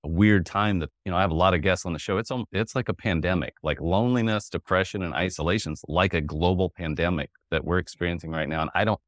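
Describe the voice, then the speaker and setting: Podcast host, fifties, very low voice, jovial and rambling, dry close sound. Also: male voice, fast, hardly any pauses, no room sound. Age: 50s. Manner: jovial, laughs often, rambling restarts. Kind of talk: conversational interview.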